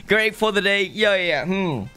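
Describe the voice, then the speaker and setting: Upbeat high-voiced young male streamer. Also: animated, unhurried, pushed and bright, clean tone. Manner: upbeat, greets chat viewers constantly. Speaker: game streamer. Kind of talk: casual live-stream chat.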